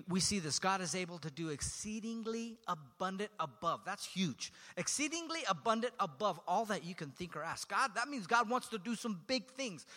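A man preaching in a church sanctuary, his voice high and bright. He talks to the congregation in a loose, conversational way, tossing in jokes. The sound carries a long hall reverb. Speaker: pastor. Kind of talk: sermon.

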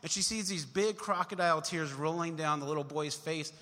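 A man's voice: fairly high pitch, a little fast, pushed and bright, long reverb tail. A man preaching a sermon in church, chatty and joking with the congregation, acting out little voices as he tells stories. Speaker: pastor. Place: church sanctuary.

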